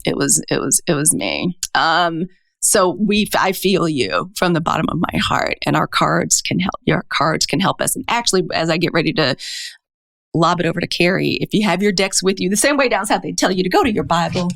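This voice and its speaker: A woman from Mississippi co-hosting a podcast, talking candidly and with feeling, with lively asides. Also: on the low side, brisk, creaky, no room sound, studio quality. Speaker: podcast co-host. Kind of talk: casual podcast chat.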